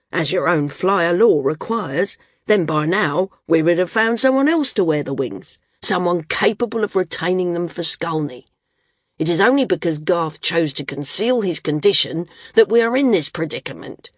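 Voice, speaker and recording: A woman's voice: on the low side, breathy edge, no room sound, studio quality. Woman voicing a stubborn, angry landsman. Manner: insistent, raised voice. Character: stern male island landsman, stubborn, angry.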